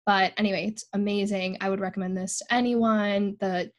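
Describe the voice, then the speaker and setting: A woman's voice: mid-range voice, steady tone, normal speed. A young woman co-hosting a podcast in casual chat, upbeat and chatty, with lots of "like". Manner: chatty, upbeat, uses "like" a lot. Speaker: podcast co-host.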